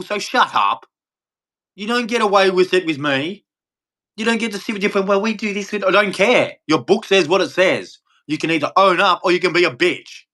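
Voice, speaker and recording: A man's voice: high voice, pushed and bright. Angry Australian man ranting bluntly. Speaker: live-stream host. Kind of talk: ranting monologue.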